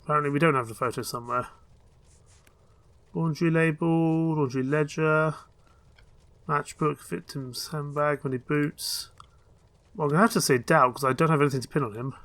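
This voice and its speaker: A man's voice: on the high side, fairly even intonation, normal speed, long pauses, a bit bright. A man commentating his own gameplay in a chatty, self-mocking way. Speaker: let's play gamer.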